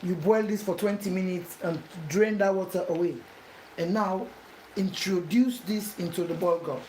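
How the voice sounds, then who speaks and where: A home cook with a lowish, slightly mellow voice speaks at normal speed while demonstrating a recipe in her kitchen. She talks the viewer through each step, repeating instructions over and over, amid echo and frying noise.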